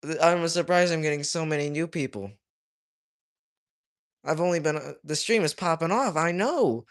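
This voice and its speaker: A man's voice: fairly high pitch, normal speed. Jokey young man streaming while drawing. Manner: reads chat aloud, jokey, drifts loud to mumbling. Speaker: livestreaming artist. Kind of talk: casual livestream chat while drawing.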